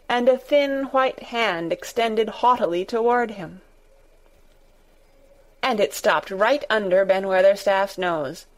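A woman narrating a storybook in a deliberate, expressive reading. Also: medium pitch, rough recording. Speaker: audiobook narrator.

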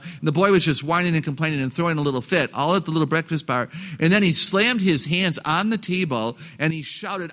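Male seminar speaker, upbeat and humorous, quizzes the crowd, higher-pitched voice. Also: a little fast, few pauses. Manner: animated, joking, asks the audience questions. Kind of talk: live talk to an audience of parents.

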